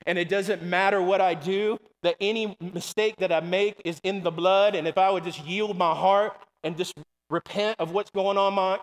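A man's voice: sits high, steady tone, normal speed. A man preaching a sermon in a church, calling to the congregation with repeated "come on" and "amen". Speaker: pastor. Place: church sanctuary. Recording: long hall reverb.

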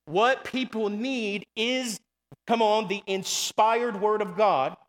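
A man's voice: high voice, steady tone, slow, a bit bright. A man preaching a sermon in a church, calling to the congregation with repeated "come on" and "amen". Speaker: pastor. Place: church sanctuary. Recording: long hall reverb.

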